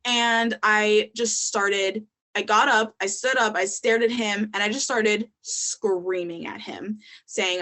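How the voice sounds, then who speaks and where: A woman's voice: mid-range voice, steady tone, moderate pace, few pauses, a bit bright. A young adult woman, a podcast guest, telling her story in candid casual talk, with frequent ums and likes.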